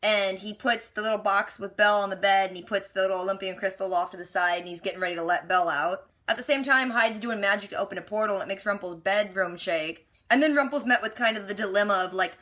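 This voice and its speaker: Chatty female recapper with a bright, forceful tone and quick sarcastic asides. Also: medium pitch. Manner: quotes characters with lots of "like". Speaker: TV reaction recapper. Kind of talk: casual episode recap.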